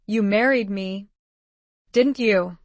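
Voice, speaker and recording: A woman's voice: medium pitch, slow pace, no echo, close to an everyday voice. A woman reading an audiobook, voicing a forthright, insistent wife with an American accent.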